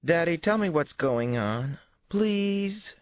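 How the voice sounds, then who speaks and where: A man's voice: on the high side, expressive, slow, dry recording, pitched above the performer's own voice. A male audiobook narrator voicing an inquisitive little girl who pleads and teases. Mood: pleading. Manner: pleading, teasing. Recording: dull, muffled studio read.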